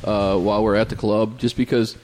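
A man, a comedian, in relaxed casual chat, agreeable and reassuring. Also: lowish voice, a little fast, slight background noise. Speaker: comedian co-host.

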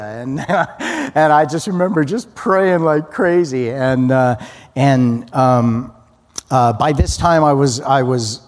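A man's voice: mid-range voice, a little mellow. A man giving an earnest personal testimony as a guest speaker, often restarting his sentences. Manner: earnest storytelling, frequent restarts. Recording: long hall reverb.

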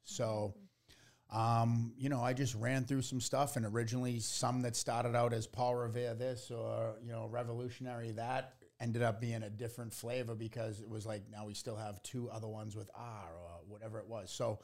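A man's voice: mid-range voice, flat delivery, normal speed, a little mellow. A man telling a story in casual chat, laid-back and rambling with many fillers. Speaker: tea business owner, guest.

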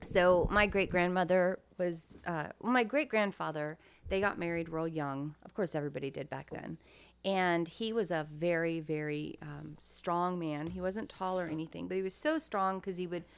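A woman's voice: on the low side, moderate pace, gravelly, smooth. A woman co-hosting a podcast, telling a family story in a chatty, wry way and thinking aloud as she goes. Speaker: podcast co-host. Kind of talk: casual storytelling chat.

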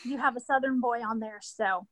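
A woman's voice: a little high, normal speed, fairly bright tone, no echo. A woman talking as a podcast guest, enthusiastic and gushing, laughing often in casual chat.

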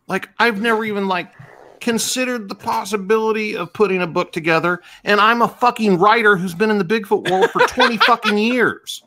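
A man's voice: sits high, moderate pace, pushed and bright. A middle-aged man co-hosting a casual podcast, ranting in profane, incredulous bursts. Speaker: podcast co-host. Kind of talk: casual chat.

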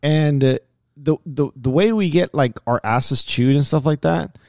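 A man, a soldier who leads his own troops, chatting casually in a halting way and often restarting his sentences. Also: fairly high pitch, darkish tone, no echo, clean studio sound. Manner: halting, frequent fillers and restarts. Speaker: soldier, co-host in chat. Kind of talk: casual chat.

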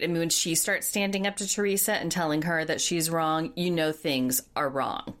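A woman's voice: on the low side, normal speed, few pauses. A woman co-hosting a podcast in a casual, blunt and opinionated chat. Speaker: podcast co-host.

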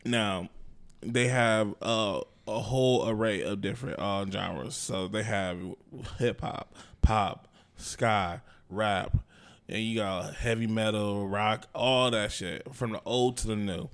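A man's voice: fairly low pitch, steady tone, takes it slowly, clean tone. A man hosting a casual podcast, talking in a rambling, slangy way with many fillers. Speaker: podcast host. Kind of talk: casual chat.

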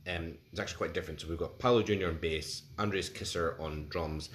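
A man in his forties co-hosts a casual music podcast, talking quickly in a low voice. He rambles and hesitates, with plenty of fillers and restarts, in a roomy recording with faint background hiss.

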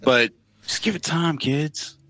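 A man's voice: fairly high pitch, slow, a bit bright. A man co-hosting a podcast, joking crudely and animatedly in casual chat. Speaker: podcast co-host.

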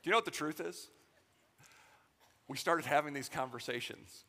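High-voiced pastor in a reverberant hall. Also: male voice, normal speed. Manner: animated, joking storytelling. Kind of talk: sermon.

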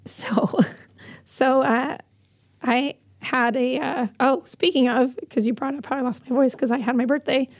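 A woman podcast co-host talking in a casual chat with a hoarse, strained voice, rambling with many fillers. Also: sits high, steady tone, measured pace, no echo, clean studio sound. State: hoarse, strained voice after losing it.

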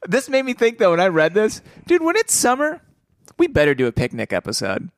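A man's voice: high voice, huge pitch swings, a little fast, no room sound, studio quality. A man co-hosting a casual podcast, chatting in a playful, jokey way and laughing often. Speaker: podcast co-host. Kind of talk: casual chat.

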